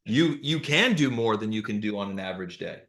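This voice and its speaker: A man who is a retired athlete, giving reflective, measured answers as a guest in a live interview. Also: on the low side, lively intonation, fairly bright tone, roomy sound.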